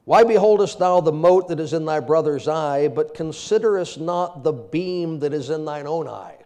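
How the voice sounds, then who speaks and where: A man with a slightly high voice preaches at normal speed, mixing humor into his sermon. He tells everyday stories in an animated way, laughs often, and quotes old-fashioned scripture.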